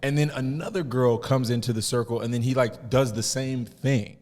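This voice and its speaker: A man hosting a podcast, telling a story in an animated, casual way and laughing often. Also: mid-range voice, moderate pace, big-room sound. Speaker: podcast host.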